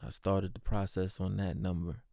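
Low, mellow-voiced man telling a workday story. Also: moderate pace, vocal fry, dry recording, studio quality. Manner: animated, swears freely, mimics people he talks about. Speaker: postal clerk. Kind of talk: casual storytelling about his workday.

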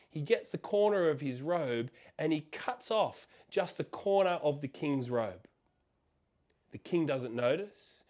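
A man with a slightly high voice retells a Bible story in a sermon. He tells it in an animated way and throws out rhetorical questions to his listeners. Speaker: preacher.

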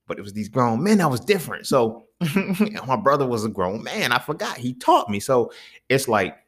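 A young adult man hosting a podcast, telling a story in casual slang, swinging from low mutters to loud, excited bursts. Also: normal speed, slightly rough. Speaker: podcast host.

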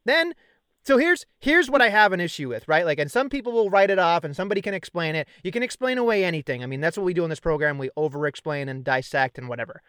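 Ranting, profane man with a high voice. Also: expressive, quick pace, a bit bright, clear, resonant tone, no echo, studio quality. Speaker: podcast co-host. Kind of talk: casual wrestling chat.

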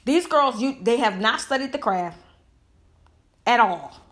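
A woman's voice: fairly high pitch, lively intonation, a little slow. Heated woman ranting. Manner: heated, emphatic, rhetorical questions. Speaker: commentator. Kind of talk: impassioned opinion monologue.

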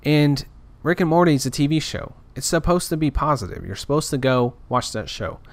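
A man's voice: fairly high pitch, animated, fairly quick, no room sound. A man talking in a casual, rambling rant, frustrated and full of restarts. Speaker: podcaster. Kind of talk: casual ranting monologue.

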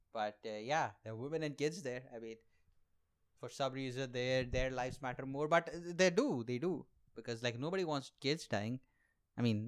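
A young man hosting a podcast, doing a rambling, sarcastic comic monologue and laughing at his own jokes. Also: mid-range voice. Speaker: podcast host and aspiring comedian.

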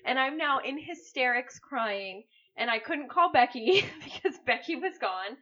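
A woman's voice: high voice, unhurried. A woman co-hosting a podcast in casual chat, telling a story with lots of laughter. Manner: animated storytelling, frequent laughter. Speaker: podcast co-host. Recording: lo-fi podcast recording.

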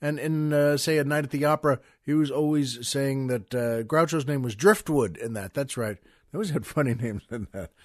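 A podcast host with a medium-pitched, slightly mellow voice tells a long show-business anecdote at a moderate pace, rambling along with restarts, asides and chuckles in a casual storytelling style. The recording is clean studio sound with no echo.

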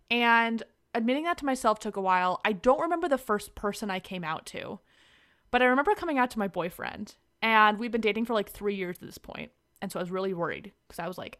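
A woman's voice: medium pitch, animated, quick pace, fairly bright tone. Young woman guest rambling through her stories, giggly and chatty. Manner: chatty, laughing, lots of "like". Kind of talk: casual storytelling interview.

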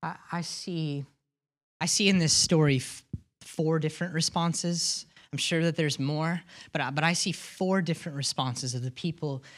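A woman's voice: sits low, normal speed. A woman pastor preaching a sermon in an earnest way, often restarting and repeating words and asking the congregation questions.

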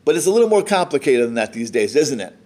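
A man's voice: mid-range voice, sing-song, fast talker, darkish tone. An American man preaching a sermon, reading scripture aloud and explaining it in a conversational way. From United States. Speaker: pastor.

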